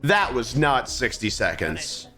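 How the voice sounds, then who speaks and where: A young streamer reacting live, jumpy and quick to exclaim. His mid-range voice leaps wildly in pitch from low mutters to high yelps. Faint music sits behind. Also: sing-song, pushed and bright.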